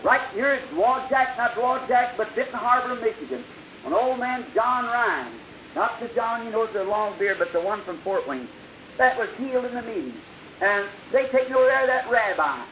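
An old-time revival preacher with a high, thin voice tells a story at a moderate pace, acting out each speaker and jumping from loud bursts to hushed lines. The recording is dull and lo-fi, with a steady hiss underneath.

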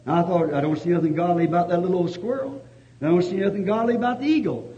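A man preaching a sermon, telling a folksy story that rises to fervent shouting. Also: high-pitched, fast talker. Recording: dull lo-fi old recording.

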